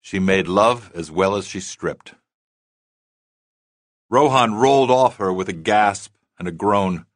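In clean studio sound with no echo, a man reads a novel aloud for an audiobook. His voice sits on the low side, and his scripted narration stays measured and even.

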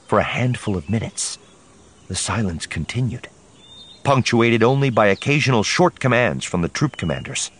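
A man's voice: deep voice, slightly rough. A man narrating an audiobook dramatically, voicing each character himself.

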